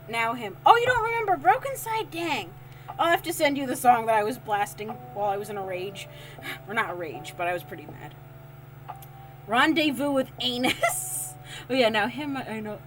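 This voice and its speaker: A woman's voice: on the high side, fairly bright tone. A woman livestreaming as she makes soap, chatting casually, laughing often and reading chat aloud. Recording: lofi music in background. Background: lofi music playing.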